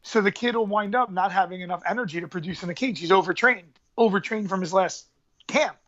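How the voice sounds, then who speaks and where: A man's voice: high-pitched, a little fast, fairly bright tone. Rambling New man, lo-fi. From New York area. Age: 30s. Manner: rambling, storytelling, hyped street slang. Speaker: MMA fighter and coach. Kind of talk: casual podcast interview.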